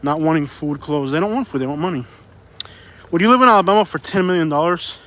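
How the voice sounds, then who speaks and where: A man's voice: a little high, lively intonation, fast, fairly bright tone. A man live-streaming while walking city streets, a little out of breath, rambling and repeating himself as he reads chat aloud.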